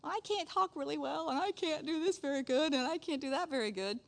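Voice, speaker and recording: A man's voice: very high-pitched, brisk, creaky, voice pushed up. A woman voicing a reluctant old male prophet who stammers out anxious excuses. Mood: whining.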